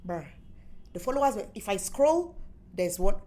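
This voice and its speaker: A young adult woman with a Nigerian accent, telling her story as an interview guest in lively, playful chat and acting out the voices of others. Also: medium pitch, moderate pace. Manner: animated, playful storyteller who acts out quotes. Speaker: musician and former radio presenter, interview guest.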